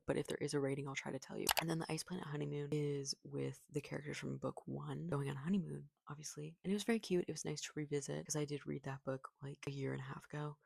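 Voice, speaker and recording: Gushing, vocal-fry book vlogger. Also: mid-range voice, dry recording, clean studio sound. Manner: gushing, rambling, heavy use of "like". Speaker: book reviewer. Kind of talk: casual book review vlog.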